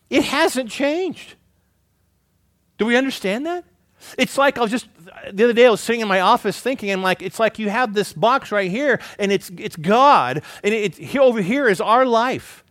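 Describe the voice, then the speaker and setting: Male pastor, conversational sermon, lively rising and falling pitch, dry close sound. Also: dry recording. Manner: conversational preaching with rhetorical questions; swings between emphatic rises and quiet low asides.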